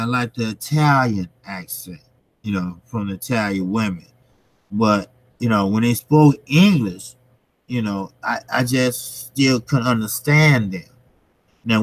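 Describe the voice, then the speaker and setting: On a dry, rough recording, a middle-aged channel host with a lowish voice talks casually to the camera and his viewers. His manner is loose and rambling, packed with fillers and laughter.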